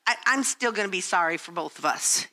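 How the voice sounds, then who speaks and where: Bright and forceful, her fairly low voice moving briskly with lively intonation, an older Christian speaker delivers a frank devotional talk. She pokes fun at herself in family anecdotes and performs the quotes of the people involved.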